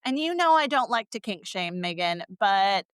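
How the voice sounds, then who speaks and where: A woman co-hosting a casual book-review podcast, sarcastic and animated, swearing freely and laughing often. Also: medium pitch, normal speed, clean tone, dry recording. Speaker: podcast co-host.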